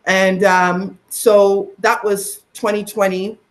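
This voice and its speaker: A middle-aged woman from Canada, a podcast guest telling her own story in a lively conversational way. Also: fairly low pitch, unhurried. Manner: animated, acts out quoted voices.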